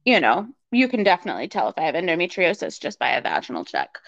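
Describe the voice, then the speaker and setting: A woman's voice: fairly low pitch, huge pitch swings, quick pace, vocal fry, a bit bright. A woman as a guest, telling a personal story in conversation and acting out quoted dialogue with lots of fillers. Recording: slightly dull lo-fi recording.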